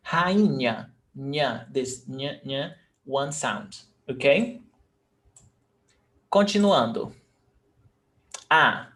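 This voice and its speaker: Brief: male teacher, slightly high voice, slow, patient, spells and repeats. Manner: patient, repeats words slowly and spells letters out. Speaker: Portuguese teacher. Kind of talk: online language lesson.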